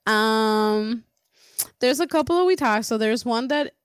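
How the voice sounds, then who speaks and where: Lively, animated woman gossiping and laughing. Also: on the high side, measured pace, smooth, no echo. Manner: animated storytelling, laughs often, swears freely. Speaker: podcast co-host. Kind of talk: casual podcast chat.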